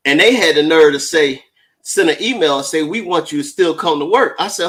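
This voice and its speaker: A man co-hosts a casual talk show with an emphatic, animated delivery. His voice sits a touch high and his pitch swings widely as he laughs through his points. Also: fairly quick. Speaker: co-host. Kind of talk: casual chat.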